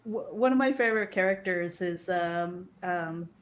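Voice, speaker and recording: A woman hosting a casual chat, searching for words with many pauses and laughing easily. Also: fairly low pitch, a little hiss or hum. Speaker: host.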